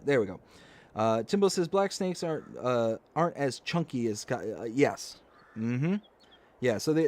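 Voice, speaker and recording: Man, live stream host, casual storytelling, animated lines, reads chat aloud. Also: mid-range voice. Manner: animated anecdote telling, acts out quotes, reads chat aloud.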